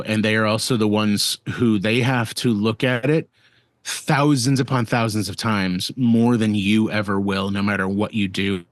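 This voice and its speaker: A man guest on a podcast, telling a work story in a casual, animated and profane way, full of restarts, on a dry, close mic. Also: lowish voice, no room sound.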